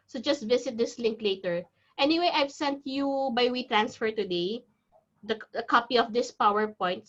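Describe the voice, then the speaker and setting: A woman with a Filipino accent gives an online lecture in a fairly high voice, repeating points and restarting sentences as she explains. The sound is dull and lo-fi, as heard over a video call. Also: fairly bright tone. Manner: repetitive, explanatory, frequent restarts. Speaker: English test teacher.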